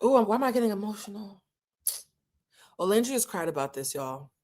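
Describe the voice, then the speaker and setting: A woman commenting on a reality show in a candid, emotional way, with dramatic pauses and moments of being moved. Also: mid-range voice, very animated, a little mellow.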